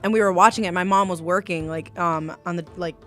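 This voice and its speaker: A woman in her twenties co-hosting a podcast, telling stories in an animated way, full of slang and swearing. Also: on the low side, a little fast, soft background music. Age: 20s. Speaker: podcast co-host. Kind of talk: casual chat.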